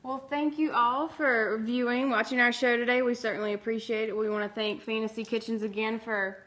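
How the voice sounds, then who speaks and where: A woman's voice: fairly high pitch, steady tone, fairly quick, a bit bright. A woman co-hosting a local talk show who affirms the guest and politely wraps up the segment. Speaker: co-host. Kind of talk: casual studio chat.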